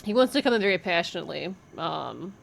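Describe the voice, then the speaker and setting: A woman's voice: lowish voice, sing-song, quick pace, vocal fry, slight background noise. A young woman giving a casual tarot reading, thinking aloud with fillers, swearing freely and laughing often. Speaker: tarot reader.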